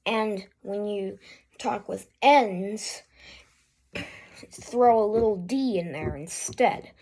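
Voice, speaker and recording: A woman hosting a casual spoken tutorial, talking haltingly with fillers and restarts. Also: medium pitch, warm tone. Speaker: YouTube voice tutorial host.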